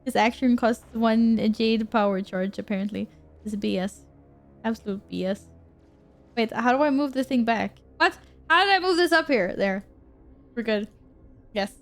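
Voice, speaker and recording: Bubbly high-voiced woman streaming a game. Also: moderate pace, soft background music. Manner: bubbly, giggly, talks to chat. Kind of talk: casual live-stream chat.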